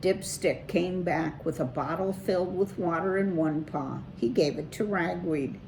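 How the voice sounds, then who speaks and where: A woman reading a children's chapter book aloud in a measured, expressive way. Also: fairly low pitch, creaky, a little hiss or hum, rough recording. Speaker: children's story reader.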